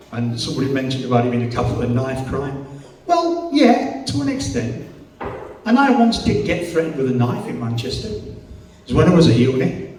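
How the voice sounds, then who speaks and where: A man's voice: mid-range voice, a little mellow, slight background noise. A middle-aged man with a Yorkshire accent doing crude, self-mocking stand-up comedy and bantering with the crowd in a club. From Yorkshire, England. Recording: echoey club from far off.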